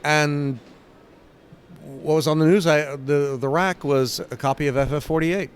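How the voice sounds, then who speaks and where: A man's voice: on the high side, measured pace, slight background noise. Older man telling stories animatedly. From England. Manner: animated, acts out scenes with sound effects and quoted voices. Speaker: guest, comic book writer. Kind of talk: casual interview storytelling.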